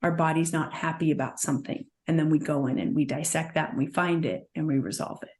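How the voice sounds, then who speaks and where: Low-pitched earnest woman coaching gently. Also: fairly even intonation, fast talker. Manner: earnest, soothing, speaks in guided prompts. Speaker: somatic trauma practitioner. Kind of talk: guest in conversation, gentle coaching.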